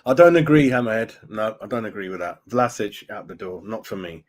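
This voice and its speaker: Low-ish, expressive, and brisk, this middle-aged man's voice carries a casual fan live stream where he reads viewer comments. He's opinionated and tends to end lines with "mate" or "right?".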